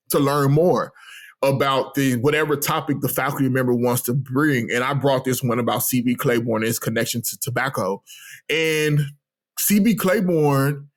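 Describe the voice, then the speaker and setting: A man, telling stories as an interview guest and acting out the lines he quotes. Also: fairly high pitch. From Texas. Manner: animated, acts out his own remarks and others' lines in quotes. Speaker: guest, postdoctoral researcher. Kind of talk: casual storytelling interview.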